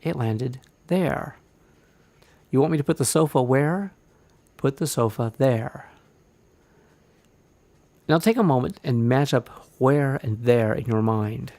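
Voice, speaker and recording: Male narrator for a grammar lesson, gravelly, dry close sound, deliberate delivery. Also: mid-range voice, warm tone, dry recording. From Indiana. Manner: clear, deliberate, explains with examples. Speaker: writing instructor.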